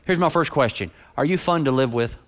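A man's voice: mid-range voice, brisk. A man preaching a sermon to his congregation, earnest and direct, often repeating phrases for emphasis. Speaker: pastor.

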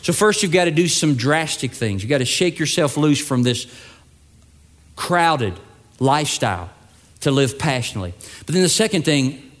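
A male pastor preaching a sermon, telling stories and acting out the voices of the people in them. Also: on the high side. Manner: storytelling with acted-out voices, building to emphatic peaks.

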